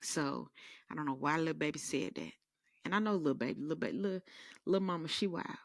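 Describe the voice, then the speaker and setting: A woman's voice: sits low, fast, creaky, no echo, studio quality. A woman podcast host telling sassy, rambling comedic stories in a casual monologue. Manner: animated, rambling, sassy storytelling.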